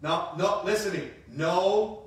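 A man in his fifties preaches a sermon as a pastor in a church sanctuary, his voice sitting high and his pace measured. He's emphatic, repeats phrases, and slips in joking asides. The echoey hall is picked up by a distant mic with faint hiss.

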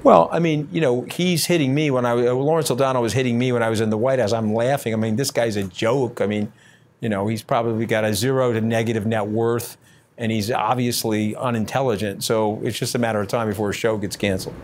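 A man answering interview questions bluntly and combatively, brash and scathing, talking in quick bursts with many fillers. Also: medium pitch, steady tone, a little hiss or hum. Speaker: interview guest.

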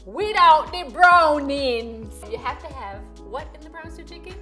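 A young woman with a slightly raised voice talks someone through seasoning a dish, upbeat and teasing. Her casual instructions come across as those of a host. Music runs clearly underneath. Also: high-pitched, lively intonation, a little slow, sharp tone. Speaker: host teaching cooking. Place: home kitchen. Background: background music.

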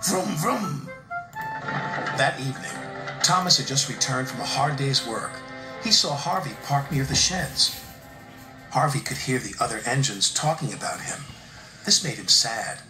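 A man reading a children's storybook aloud in an expressive, animated way. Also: medium pitch, normal speed. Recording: roomy room with background music.

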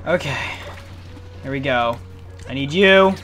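A man's voice: mid-range voice, slow. A man giving let's play commentary, talking to himself and his viewers in a running stream, with panicky outbursts and cursing. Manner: excitable, panicky outbursts and cursing while playing. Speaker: gaming channel host. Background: faint game music.

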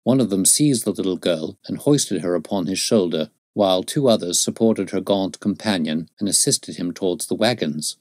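A man narrating a classic novel as an audiobook, in steady, measured storytelling. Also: low voice, no room sound, studio quality.

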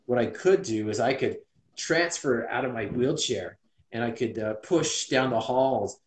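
A man in his forties from Utah, recounting his life story in an interview with earnest reflection. His mid-pitched voice sits in a roomy space with audible echo. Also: measured pace. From Utah, USA. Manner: earnest and reflective, many restarts. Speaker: interview guest.

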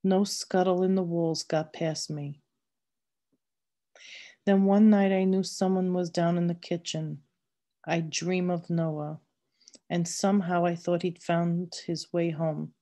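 Slow, mellow woman reading a novel. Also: on the low side, flat delivery. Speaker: reader.

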